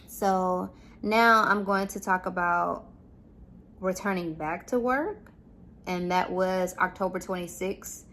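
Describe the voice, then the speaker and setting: A woman's voice: mid-range voice, a bit bright. A young adult woman vlogging about her experience as a new mom, talking casually and candidly with many fillers. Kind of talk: casual personal storytelling.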